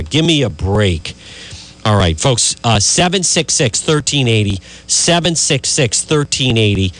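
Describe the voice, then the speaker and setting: A man's voice: mid-range voice, a bit bright, low-quality recording. A male talk radio host ranting with indignant, emphatic energy at his listeners. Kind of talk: heated political talk radio.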